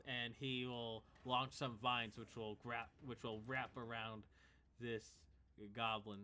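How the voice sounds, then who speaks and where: Male game master, crisp voice, faint room hum behind, easygoing narration. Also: medium pitch, takes it slowly. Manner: relaxed, chuckling narration of combat.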